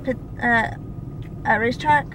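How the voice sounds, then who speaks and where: A woman's voice: a little high, steady tone, unhurried, background noise. A young woman in her twenties chatting casually in a daily vlog, giggly and teasing. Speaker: vlogger. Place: home and car, indoors.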